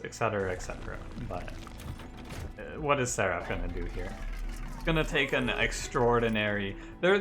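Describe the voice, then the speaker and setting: A young man streaming a card game, giving casual commentary in a rambling, chatty way full of quick self-corrections. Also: lowish voice. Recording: game music playing behind the voice.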